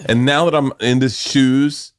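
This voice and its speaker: A middle-aged man hosting a podcast, telling animated stories in casual chat, swearing freely and laughing as he talks. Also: medium pitch, measured pace. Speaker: podcast host.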